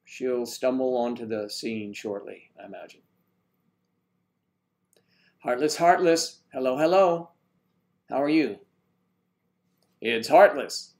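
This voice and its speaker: A man's voice: mid-range voice, slow, creaky, long pauses, darkish tone. A man hosting a casual live stream, rambling and joking as he greets viewers and reads their comments aloud.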